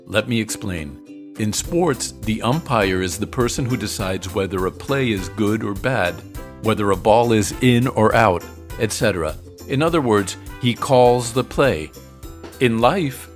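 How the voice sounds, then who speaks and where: American male teacher, low voice, clear and patient, faint music underneath. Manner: slow, clear explanations with joking asides. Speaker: English teacher. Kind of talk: explanatory lesson narration.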